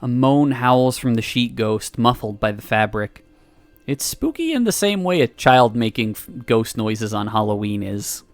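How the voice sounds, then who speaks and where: A man's voice: mid-range voice, measured pace, no echo. Man reading a visual novel aloud. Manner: expressive reading broken by laughs and asides. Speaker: streamer.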